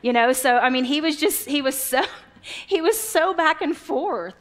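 A woman's voice: high-pitched, lively intonation, a little slow. A woman preaching a conversational sermon, retelling Bible stories with voices for the people in them.

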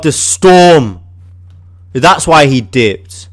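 An English man giving excitable casual commentary while playing a game, shouting at his teammate. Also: fairly high pitch, extremely slow, no echo. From England. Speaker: gaming video host.

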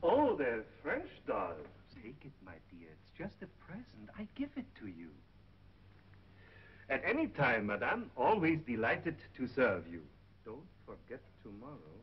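An actor playing a smooth-talking middle-aged male shop owner with oily, ingratiating charm, in 1930s film acting on a dull 1930s film soundtrack. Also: medium pitch, huge pitch swings, a little slow, a little hiss or hum.

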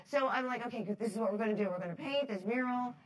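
A woman from New Jersey giving a talk to an audience, telling stories in a lively, chatty way, laughing often and acting out the voices she quotes. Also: a little high, racing, rough recording. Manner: chatty, many fillers like "like". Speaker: speaker at a foundation talk series.

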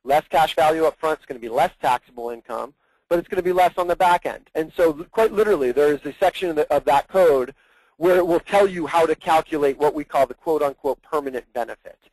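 A man's voice: on the high side, fast, darkish tone, no echo, poor audio. Earnest man explaining at length, dry sound. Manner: earnest, explains at length, often repeats words. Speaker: plan administrator guest. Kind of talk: explanatory conference-call training talk.

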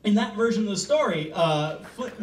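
A man from Canada, a film director, pitching a story to an audience in a loose, joking, casually swearing way. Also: animated, normal speed. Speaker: film director giving a talk. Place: presentation room. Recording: roomy, from far off, faint rumble.

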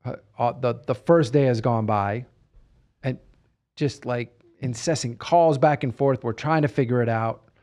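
A middle-aged man co-hosting a podcast, recounting events in casual conversation with halting restarts. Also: medium pitch, a little mellow. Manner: halting, with repeated starts. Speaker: podcast co-host.

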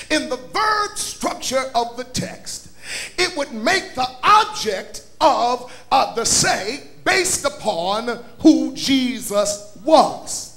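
A man, a bishop, preaching a sermon at a church conference in a chanting, shouted cadence that drops to quiet teaching. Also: very high-pitched, very animated, slow pace. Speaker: bishop and pastor. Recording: live church recording with faint music and crowd.

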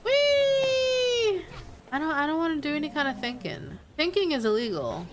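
A young woman playing a video game and chatting casually as she goes, excitable and giggly. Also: high-pitched, fast. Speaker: gaming streamer. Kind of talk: casual let's-play commentary.

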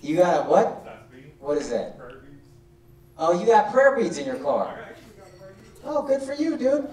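A man's voice: high-pitched, very animated, measured pace. A male stand-up comedian doing crowd work, brash and profane, teasing people in the audience. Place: comedy club stage. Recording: echoey club from a distance, loud crowd. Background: crowd laughter.

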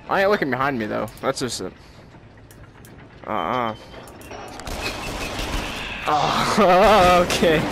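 A man's voice: medium pitch, animated, takes it slowly, pauses often, background noise. A man hosting a gaming channel, giving let's-play commentary while nervous, jumpy and laughing often.

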